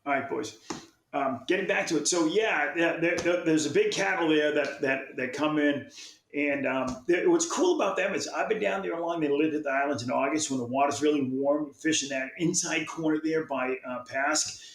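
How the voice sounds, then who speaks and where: A man's voice: a little high, normal speed. A man with a slightly raised voice tells a fishing story in an easygoing, rambling way, stumbling over and repeating his words as he goes. The sound has a noticeable echo, as if from a bare room. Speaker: fishing magazine publisher. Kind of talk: casual storytelling.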